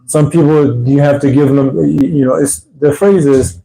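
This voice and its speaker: Man, religious teacher, mellow warm tone, informal rambling mosque talk. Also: fairly high pitch, normal speed, gravelly, low-quality recording. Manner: conversational, rambling, animated when quoting. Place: mosque gathering.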